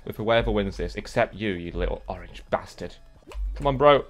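A young man commentating a game he is playing, excitable, yelping and swearing at other players, then muttering to himself. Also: lowish voice, moderate pace, faint music behind. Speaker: gaming YouTuber. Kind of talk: let's play commentary.

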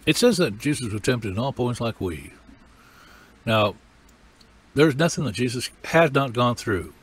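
A man's voice: medium pitch, sing-song, measured pace, slightly rough. An older man teaching a sermon in a folksy, emphatic way. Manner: folksy, emphatic, acts out cries and quotes. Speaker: preacher.

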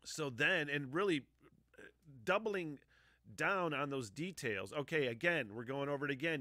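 Podcast host, man in his 40s, bright dry voice, profane emotional rambler. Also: medium pitch, animated, moderate pace, no room sound. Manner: profane, emotional, sighing often. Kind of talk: casual rambling monologue.

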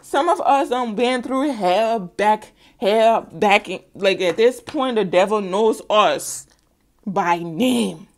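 A woman's voice: mid-range voice, animated, takes it slowly. Woman tarot reader, middle-aged, casual sassy delivery with teasing asides and emphatic repetition.

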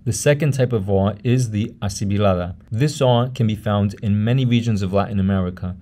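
A man narrating a pronunciation lesson in a measured way, saying example words slowly and often twice. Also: on the low side, dark tone. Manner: measured, repeats each example word slowly. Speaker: language teacher.

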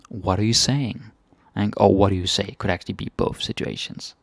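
A man's voice: lowish voice, fairly even intonation, normal speed, gravelly, dry recording. A Danish man teaching phrases in a casual, chatty lesson, repeating each one with varied intonation. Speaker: language teacher.

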